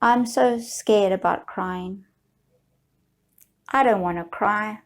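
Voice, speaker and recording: A woman guiding viewers through a slow, soothing tapping session, leading them in repeated affirmations. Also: medium pitch. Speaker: EFT tapping guide.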